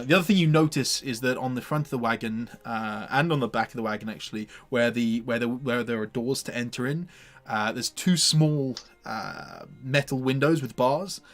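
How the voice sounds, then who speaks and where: A man runs a tabletop game in a loose, rambling way, padding his narration with fillers and restarts. His voice sits at an ordinary middle pitch and stays easygoing throughout. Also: fairly bright tone. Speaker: game master.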